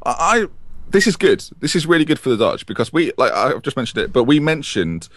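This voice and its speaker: A man's voice: mid-range voice, fairly quick, no echo. A man co-hosting a podcast, chatting casually and jokily about football. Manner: animated, jokey, rambling. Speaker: podcast co-host.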